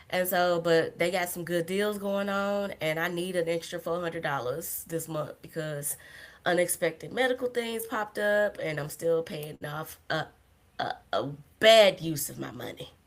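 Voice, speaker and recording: A young woman with a low, deep-set voice hosts a casual solo livestream as a podcast host. She rambles from one tangent to another with self-deprecating humor, laughing often.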